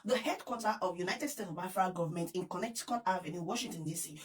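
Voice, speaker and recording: A woman with a Nigerian accent hosting an excited news vlog, effusive and giggly, repeating her appeals to viewers. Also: on the low side, quick pace, few pauses, recorded from a distance, a little hiss or hum. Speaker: vlogger.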